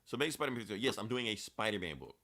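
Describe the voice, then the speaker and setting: A man's voice: lowish voice, big pitch swings, very fast, pushed and bright, slight background noise. A man hosting a podcast, recapping a comic book in a loose, profane, chatty way. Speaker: podcast host. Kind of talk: casual comic book review chat.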